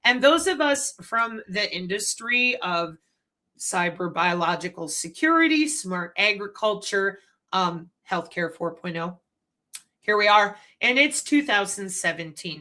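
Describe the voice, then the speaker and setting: Bright-voiced woman lecturing to her channel. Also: medium pitch. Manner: animated, conspiratorial lecturing with rhetorical questions. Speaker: channel host. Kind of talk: commentary.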